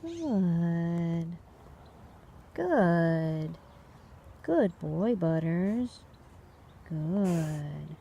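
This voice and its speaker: Woman trainer outside, slow lively praise for dogs, warm tone. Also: on the low side, gravelly, lo-fi sound, a little hiss or hum. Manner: short bursts of upbeat praise. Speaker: dog trainer.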